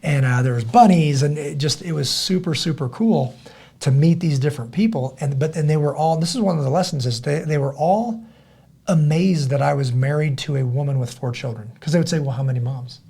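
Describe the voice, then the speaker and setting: A middle-aged man tells a story as a podcast guest. His voice is husky and sits a little high, and he keeps circling back on his words. He brings the tale to life by acting out the voices of the people in it. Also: brisk. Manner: animated, acts out other people's voices; frequent restarts and repeated words. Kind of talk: conversational storytelling.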